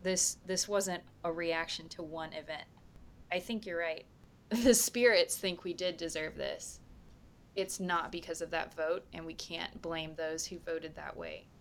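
A woman's voice: low voice, steady tone, unhurried, vocal fry, a little hiss or hum. A woman playing a tabletop game, arguing impassionedly in character. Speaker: player. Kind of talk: in-character tabletop role-play.

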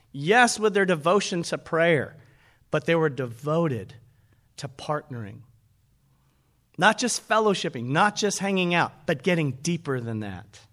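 A man preaches a sermon in a fairly high voice. He talks to his listeners in a conversational way and keeps asking them rhetorical questions. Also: a bit bright. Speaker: pastor.

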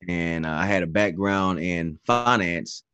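A man guesting on a podcast, telling his career story in a relaxed, rambling way. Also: deep voice, a little slow, clean tone, no room sound. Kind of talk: casual storytelling.

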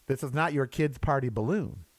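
A man's voice: medium pitch, normal speed, dry recording. A man delivering a sarcastic, exasperated rant as a commentator, with mocking asides. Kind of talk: ranting monologue.

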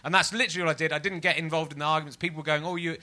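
A man's voice: on the high side, steady tone, racing, pushed and bright. A man and comedian in casual conversation, rambling with many restarts and fillers.

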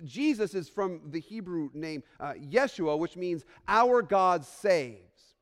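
A man's voice: sits high, lively intonation, slow. A man, a pastor, giving an earnest, emphatic Christmas sermon to his congregation, repeating phrases for weight and sometimes restarting a word. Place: church sanctuary. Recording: long reverb of a large hall.

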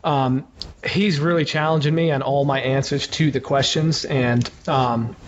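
As an interview guest, a man tells a candid story in a casual, profane way, full of fillers. His mid-range voice is fairly even and unhurried, and the recording sounds muffled with clear background noise.

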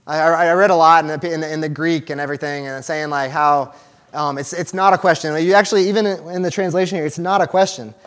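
A man's voice: a little high, steady tone, fast talker, a bit bright. A young man giving a casual, conversational sermon to a small church group, with restarts and fillers as he talks to the room. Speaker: church teacher.

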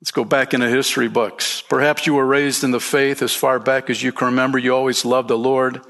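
A man's voice: medium pitch, level tone, a little fast, fairly bright tone. A man preaching a sermon as pastor, emphatic, lifting his voice for key points and calling listeners "man" and "friend".

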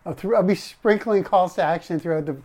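A man's voice: sits high, brisk, darkish tone. Man rambling live to his viewers. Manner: rambling, self-correcting, talks to the chat. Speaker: live streamer. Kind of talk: casual livestream monologue.

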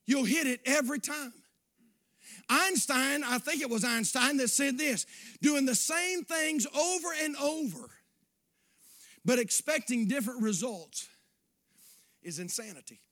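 High, bright-voiced preacher man. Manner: folksy, swings between quiet asides and shouting. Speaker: pastor. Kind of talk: sermon.

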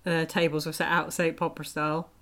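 A woman's voice: sits low, little pitch movement, fast, fairly bright tone. A woman co-hosting a podcast, chatting casually about a TV episode with lots of fillers and laughter. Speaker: podcast co-host. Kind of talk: casual chat.

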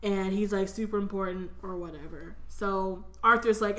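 Crude, bright-voiced young woman. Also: mid-range voice. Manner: crude, animated retelling with quick voiced asides. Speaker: podcast co-host recapping a book. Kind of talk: casual profane chat. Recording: echoey room.

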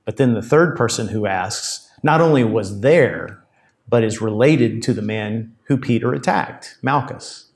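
A man preaching a conversational sermon as a pastor, reading and explaining scripture. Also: mid-range voice. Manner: conversational Bible teaching, reads scripture aloud.

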